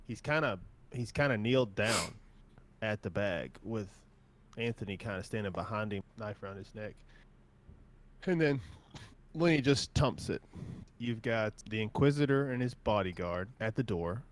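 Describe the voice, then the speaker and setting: A man running a tabletop game as game master. He narrates in a laid-back way, padded with hedging fillers, at an average pitch. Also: normal speed.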